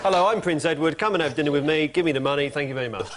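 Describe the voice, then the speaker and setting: A man's voice: fairly high pitch, rapid-fire, very noisy, lightly acted. A man mimicking a vapid young male royal who asks for money in a mock-polite way. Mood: smarmy. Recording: TV studio with loud audience.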